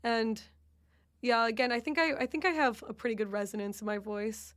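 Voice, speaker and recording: A woman's voice: on the high side, steady tone, fairly quick, fairly bright tone. A woman speaking earnestly about growing comfortable with her voice. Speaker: podcast guest. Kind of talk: casual chat.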